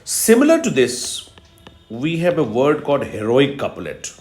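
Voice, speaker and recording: Male professor, unhurried lecture, repeats key terms, echoey room. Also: medium pitch, wildly swooping pitch, a little mellow, faint music behind. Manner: explains step by step, repeats key terms, frequent "uh" fillers. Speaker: professor of literature. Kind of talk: recorded video lecture. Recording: roomy echo.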